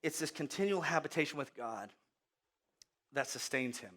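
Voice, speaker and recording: High bright animated male preacher. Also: moderate pace. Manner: animated storytelling with acted voices and sudden loud outbursts. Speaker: pastor. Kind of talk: sermon.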